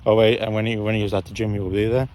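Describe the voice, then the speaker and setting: A man's voice: lowish voice, level tone, very fast, a little mellow, slight background noise. A young man telling a story in a casual, rambling way, often repeating and correcting himself.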